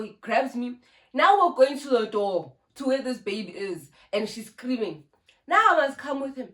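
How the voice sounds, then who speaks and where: A woman's voice: high-pitched, animated, normal speed, a bit bright. A young South African woman with a South African accent, animatedly telling a casual storytime to her phone camera and dropping in Zulu words. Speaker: YouTuber. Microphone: phone camera with ring light.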